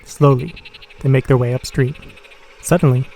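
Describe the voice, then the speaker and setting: A man reading a horror comic aloud in a measured, dramatic way, with pauses. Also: medium pitch, fairly even intonation, warm tone, poor audio. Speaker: audio comic reader.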